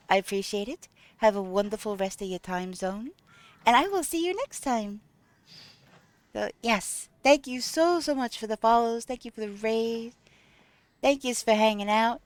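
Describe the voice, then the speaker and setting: A woman's voice: a little high, a little mellow, dry recording. A woman streaming a video game live, chatting casually with viewers, thanking them and talking through her gameplay with frequent ums. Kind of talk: casual live-stream chat while playing.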